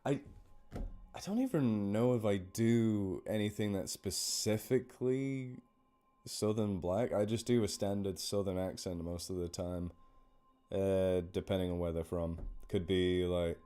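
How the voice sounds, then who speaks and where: Man with a low, mellow voice. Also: unhurried, clear, resonant tone, faint music behind. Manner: rambling, self-deprecating, chatty; thanks donors by name. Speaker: horror story narrator on a charity live stream. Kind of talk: casual live-stream chat. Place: indoors at home.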